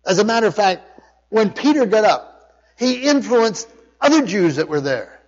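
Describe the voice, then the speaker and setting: Male pastor, higher voice, emphatic sermon delivery with restarts; muffled recording with long hall echo. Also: animated, moderate pace. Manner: emphatic preaching with frequent restarts and word study. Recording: dull sound with long hall reverb.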